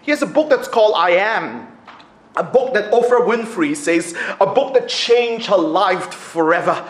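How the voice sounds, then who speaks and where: A man's voice: high voice, unhurried. A man preaching a sermon, acting out quotes with laughs. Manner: animated, acts out quotes with laughs. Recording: echoey room.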